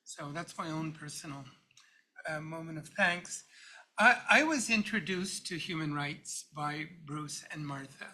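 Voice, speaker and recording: Older guy giving a thank-you at a university event, bright kinda high voice, stumbles and repeats himself. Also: low-quality recording. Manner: warm, halting, repeats words. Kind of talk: personal tribute remarks. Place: university lecture hall.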